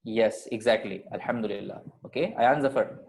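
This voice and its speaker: A man teaching a class over a video call, explaining patiently, often pausing with fillers and checking in with "okay". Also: fairly low pitch, a little hiss or hum, low-quality recording. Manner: patient, explaining with many fillers and repeated okays. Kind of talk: online class lesson.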